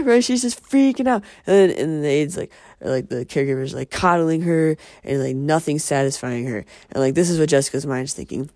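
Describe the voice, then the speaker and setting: A man's voice: mid-range voice, lively intonation, brisk, few pauses, a little mellow, no echo, clean studio sound. A man hosting a casual monologue, rambling and profane, often interrupting himself. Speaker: podcast host.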